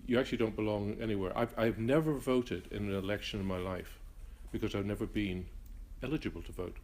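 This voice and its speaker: An older man from Northern Ireland with a blended Northern Irish and Rhodesian accent, answering interview questions in a reflective, halting way with frequent restarts. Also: lowish voice, steady tone, a little mellow. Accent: mixed Northern Irish and Rhodesian. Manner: halting, many restarts and fillers.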